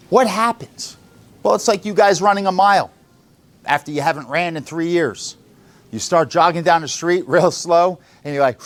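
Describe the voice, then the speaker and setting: A sales boss pumps up his team in the office. His voice sits a little high for a man. He talks bluntly, swears freely and keeps quizzing the room on what he means. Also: moderate pace. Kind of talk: motivational talk to sales staff.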